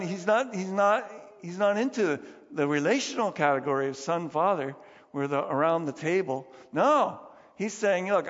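A man preaching a sermon as pastor, conversational and emphatic, acting out the lines he quotes. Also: sits high. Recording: dull lo-fi sound, long hall reverb.

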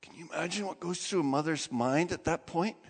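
A male pastor delivering a sermon, his voice pitched high for a man and lively as he tells stories. He laughs and acts out the people he quotes. His voice rings with the long reverb of a church hall. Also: fairly quick, breathy edge. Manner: animated storytelling with laughs and acted quotes.

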